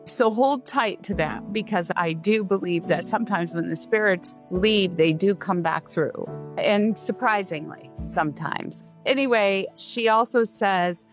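A woman hosting a call-in radio show as a psychic medium, giving gentle, reassuring readings to callers. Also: mid-range voice, measured pace, soft background music. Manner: warm reassuring, relays messages in a gentle steady flow.

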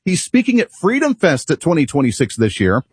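A man's voice: on the high side, wildly swooping pitch, brisk, slightly rough, no echo. A man hosting a talk radio show, delivering an opinionated, rambling monologue and laughing at himself, recorded at a studio microphone. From United States.

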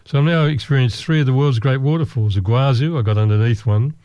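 A man's voice: medium pitch, quick pace, mellow, no room sound. A man recounting a trip in casual storytelling, with wry, dry humour.

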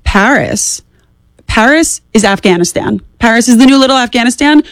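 A woman in her twenties, a guest on talk radio, speaking in a rapid, animated and opinionated way. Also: a little high, no echo. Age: 20s. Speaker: guest commentator. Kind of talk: casual political talk radio.

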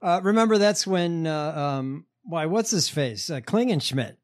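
A man's voice: a little high, lively intonation, unhurried. A man hosting a podcast in casual chat, hesitating often with "uh" and "um". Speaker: podcast host.

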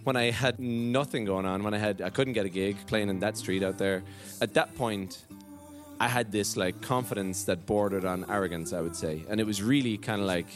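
A man with an Irish accent, a musician speaking in a relaxed, candid way in an interview clip. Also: lowish voice, normal speed, faint music behind. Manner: relaxed, candid, with filler words. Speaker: musician guest.

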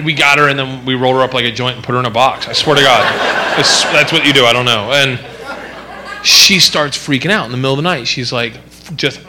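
A man's voice: mid-range voice, very noisy. Rambling male stand-up comic. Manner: rambling, lots of "like" fillers, acts out voices. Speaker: stand-up comedian. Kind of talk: stand-up comedy routine.

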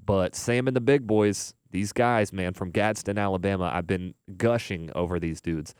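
A young man with a very low voice hosts a radio music show, talking in a loose, rambling way with plenty of filler words. He sounds close and dry, recorded on a studio mic with no room sound. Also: normal speed, clean tone, no echo. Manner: relaxed, rambling, filler-heavy. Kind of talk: casual radio DJ chat.

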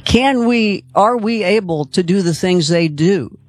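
High-voiced chatty radio host. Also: male voice, animated. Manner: chatty, laughs easily, rushes to wrap up. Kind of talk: late-night call-in radio.

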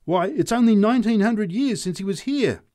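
A man voicing an excitable drunk in a street crowd who shouts and laughs, then turns fearful, pitched well above his own voice. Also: slow. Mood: mirthful.

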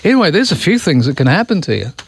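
A man's voice: a little high, big pitch swings, quick pace, slightly rough, dry recording, clean studio sound. A male radio host in a casual, amused chat, tossing out rhetorical questions.

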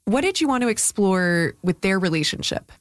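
A woman interviewer asking an author about her novel in a measured, curious, conversational way. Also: medium pitch, very animated, no room sound, clean studio sound. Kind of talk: interview questions.

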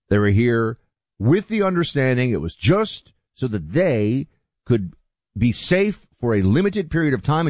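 A man hosting political talk radio who speaks forcefully and sarcastically and acts out little stories. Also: medium pitch, no echo. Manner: forceful, sarcastic, animated storyteller. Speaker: radio host.

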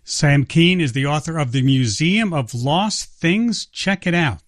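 A male radio host with a fairly high, lively voice that moves a lot in pitch. He speaks warmly and with engagement, close to a dry studio microphone. His questions and wrap-ups have a polished broadcast ease. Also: unhurried, no echo. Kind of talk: radio interview.

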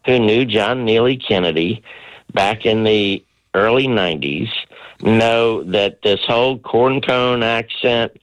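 A man's voice: on the low side, dry recording. A man giving blunt, opinionated political commentary as a radio talk show guest. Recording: dry, muffled line.

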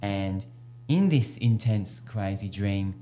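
A man's voice: lowish voice, animated, slow pace, dark tone, a little hiss or hum. A man hosting a radio show, telling jokes in a playful, giggly way. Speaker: radio host. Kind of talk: casual radio chat and joke telling.

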